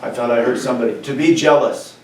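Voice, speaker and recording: Male Spanish teacher, mid pitch, joking, repeats phrases; roomy sound, a bit off-mic. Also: fast talker, distant mic, slight background noise. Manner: animated, joking, repeats key phrases and asks "right?". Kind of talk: classroom lesson over a video call. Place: classroom or room with a board.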